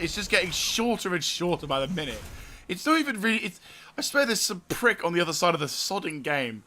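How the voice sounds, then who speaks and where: A man's voice: high-pitched, very animated, a little fast, bright, forceful tone, faint music behind. A man giving casual gameplay commentary, giggly and exasperated, swearing often. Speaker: gaming video host.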